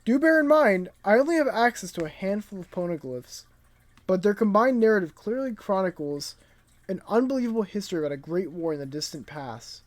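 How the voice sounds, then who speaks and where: A man voicing an old male genius scientist from a comic, reading his lines in a formal, lecturing storyteller tone, a little higher and louder than his own voice. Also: lively intonation, brisk. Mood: solemn lecturing.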